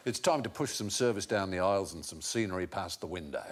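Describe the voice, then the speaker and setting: A man's voice: sits low, lively intonation, quick pace, noisy background, pitched below the performer's own voice. A man voicing a laid-back, jokey airline pilot with an Australian accent.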